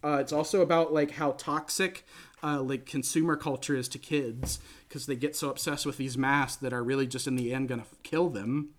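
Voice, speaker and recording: A man's voice: medium pitch, steady tone, a little fast. A man hosting a casual movie review chat, talking in an enthusiastic, rambling way with many fillers and restarts. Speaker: podcast host.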